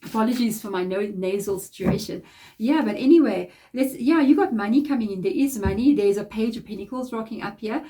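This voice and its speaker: A woman from Africa with a blocked, nasal nose gives a casual tarot card reading. Her voice is fairly high, mellow and a little fast, and she rambles in a chatty, encouraging way.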